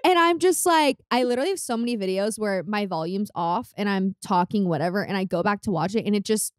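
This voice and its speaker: A young woman in her twenties from California, chatting as a podcast guest in an animated way, laughing often and quoting herself in lively voices. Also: medium pitch, quick pace, dry recording, studio quality. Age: 20s. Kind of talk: casual chat. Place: podcast studio.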